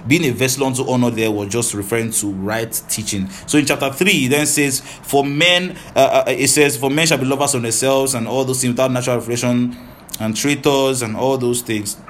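Male preacher, Bible teaching, quick and animated, mid-pitched voice, faint background hiss. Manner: rapid, animated, with frequent "right?" and "hallelujah".

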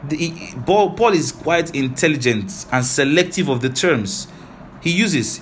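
A man preaching a Bible teaching sermon, talking quickly and animatedly, often checking in with "right?" and "hallelujah". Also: a little high, expressive, slight background noise.

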